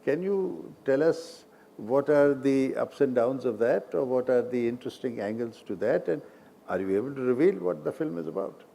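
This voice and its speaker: A man's voice: medium pitch, moderate pace, gravelly, mellow, slight background noise. A man with an Indian English accent, moderating a live on-stage interview in a large hall and asking the guest questions.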